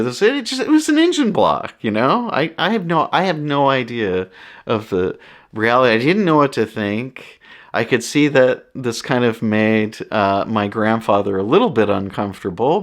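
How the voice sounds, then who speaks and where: A man hosting a podcast, telling personal stories in a casual, rambling way full of asides. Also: mid-range voice. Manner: conversational, rambling anecdotes with many asides. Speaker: podcast host. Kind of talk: casual storytelling monologue.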